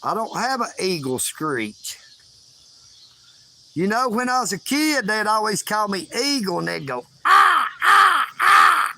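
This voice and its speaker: A man rambling loudly and emphatically on a livestream from his bedroom. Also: high voice, very animated, a little slow. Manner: loud, emphatic, self-promoting.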